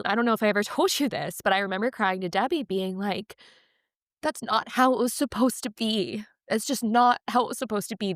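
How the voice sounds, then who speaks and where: A woman's voice: medium pitch, no echo, clean studio sound. A young woman hosting a casual podcast, earnest and emotional in her speech and blunt with her words. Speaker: podcast host.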